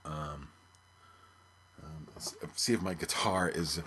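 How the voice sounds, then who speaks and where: A man's voice: very deep voice, fairly even intonation, takes it slowly. A man hosting a podcast, thinking aloud in casual music commentary. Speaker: podcast host.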